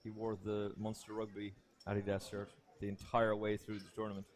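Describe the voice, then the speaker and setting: A man's voice: lowish voice, a little fast. Chatty man commenting on poker. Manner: chatty anecdotal storyteller, animated in stories.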